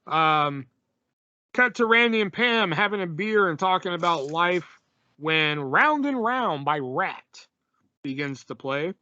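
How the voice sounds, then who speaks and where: Guy on a podcast, bright voice, dry dull mic, kinda rambly. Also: high-pitched, animated, slow pace, dry recording. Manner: laid-back, lots of fillers and laughs. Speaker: podcast co-host recapping a film. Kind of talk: casual chat.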